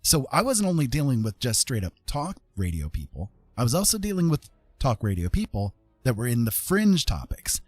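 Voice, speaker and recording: A man's voice: mid-range voice, wildly swooping pitch, moderate pace, dry recording, faint music behind. A middle-aged man hosting a livestream, talking casually in a loose, rambling way with lots of fillers and restarts. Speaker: livestream host.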